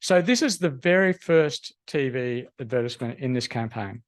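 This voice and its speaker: A man giving a university lecture, halting and full of ums. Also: mid-range voice, lively intonation. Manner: halting, lots of ums and restarts. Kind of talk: academic lecture.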